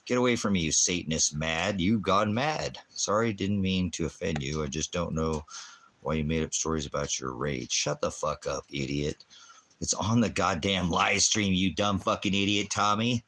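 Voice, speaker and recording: A man's voice: sits low, normal speed, a bit bright. A man hosting a ministry livestream who answers the chat with insults and mockery, swinging from crude jokes to scripture. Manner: profane, insulting, mocking; jumps between jokes and scripture talk.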